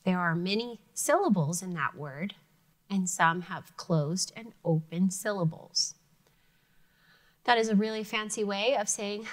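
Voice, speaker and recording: A woman teacher with a medium-pitched voice gives an elementary phonics lesson a little slowly. She sounds out words carefully and clearly for young students.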